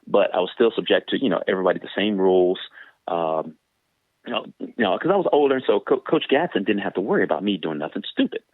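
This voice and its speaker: Former sprinter, male guest, animated anecdotes with jumping pitch, tinny dry phone audio. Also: quick pace, breathy edge, dry recording. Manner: animated, acts out quoted voices with big pitch jumps. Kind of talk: casual storytelling in an interview.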